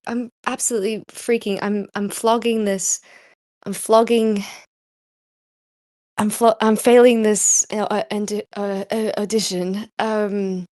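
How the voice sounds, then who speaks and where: A woman hosting a casual live chat, soft-spoken, giggly and rambling. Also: medium pitch, level tone, slow, no room sound, clean studio sound. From Australia. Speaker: host.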